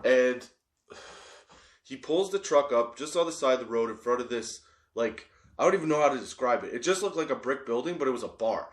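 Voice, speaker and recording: A man's voice: medium pitch, fairly quick, echoey room. A young man hosting a comedy podcast, telling a story with lots of swearing and frequent laughter. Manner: animated, laughs often, swears freely. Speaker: podcast host.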